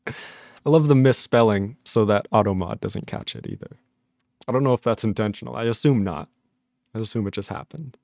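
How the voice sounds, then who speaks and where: A man's voice: on the low side, gravelly, a little mellow, no echo, studio quality. A man on a casual live stream, reading chat messages aloud, laughing often and puzzled by the jokes.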